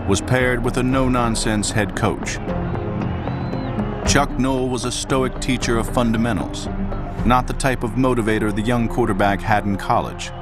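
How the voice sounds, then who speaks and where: A man's voice: medium pitch, steady tone, moderate pace. Man narrating a sports documentary. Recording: loud music bed underneath.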